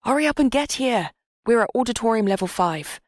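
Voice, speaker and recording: A woman's voice: on the high side, animated, fairly quick, no echo, clean studio sound, voice pushed up, natural voice. A woman doing an exasperated young male coworker.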